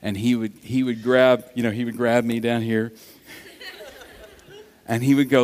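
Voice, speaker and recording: A man's voice: medium pitch, takes it slowly, pauses often. Preaching man in a reverberant hall. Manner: animated storytelling, swinging from loud to hushed. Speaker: pastor. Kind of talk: sermon. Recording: long reverb of a large hall.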